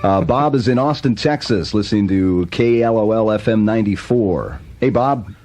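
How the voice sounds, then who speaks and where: Upbeat radio host man, low voice. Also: normal speed, a little mellow. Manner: upbeat announcer delivery. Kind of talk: radio call-in hosting. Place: radio studio.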